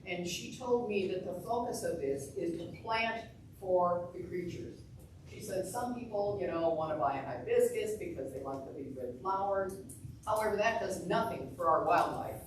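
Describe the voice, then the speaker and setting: A woman's voice: lowish voice, expressive, moderate pace. A woman giving chatty, rambling announcements at a club meeting, with many fillers. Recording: echoey room, far from mic, noisy.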